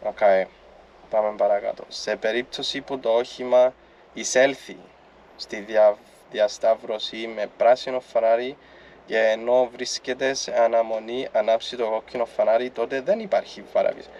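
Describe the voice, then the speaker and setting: Blunt, casual male vlogger with a mid-pitched voice who swears freely and stumbles through read-out text, with faint room sound behind. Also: fairly even intonation, darkish tone, slight background noise. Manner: casual and blunt, swears, halting when reading Greek aloud. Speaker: vlogger explaining traffic rules. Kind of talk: casual explainer chat.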